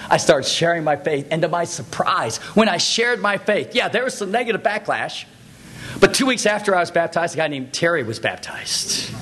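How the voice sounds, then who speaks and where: A man preaching a sermon, telling stories with laughter and shouting exhortations to the congregation. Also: high-pitched.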